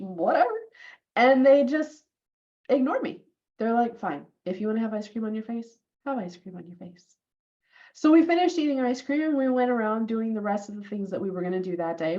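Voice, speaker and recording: A woman in her forties telling a personal story on her vlog. She is animated and acts out what other people said, using it to coach business owners. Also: mid-range voice, lo-fi sound. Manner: animated, acts out quoted lines.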